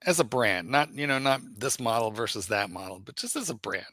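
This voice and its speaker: A man co-hosts a casual livestream and teases his partner with lively banter and frequent laughter. His voice is bright, slightly high and swings widely in pitch, recorded close and dry. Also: fairly quick, dry recording. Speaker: livestream co-host.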